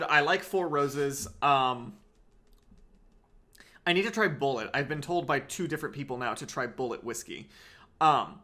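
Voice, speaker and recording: A man telling a comedic story in an animated, digressive and sardonic way. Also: mid-range voice. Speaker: podcast comedian.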